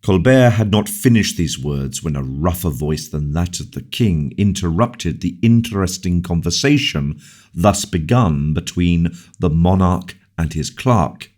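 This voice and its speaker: A man narrating a classic novel in a measured, deliberate audiobook reading. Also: low-pitched, animated, darkish tone. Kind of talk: scripted narration.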